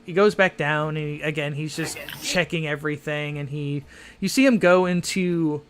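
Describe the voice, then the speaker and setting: A man's voice: fairly high pitch, fairly even intonation, normal speed. A man narrating as game master of a tabletop game, rambling with many fillers and hedges.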